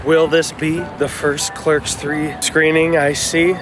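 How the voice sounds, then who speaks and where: Excitable swearing man vlogging on the go. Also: on the high side, takes it slowly, background noise. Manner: jokey, excitable, swears freely, laughs mid-sentence. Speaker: movie vlogger and podcast host. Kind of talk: casual vlog talk to camera. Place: on the move between home, car and cinema.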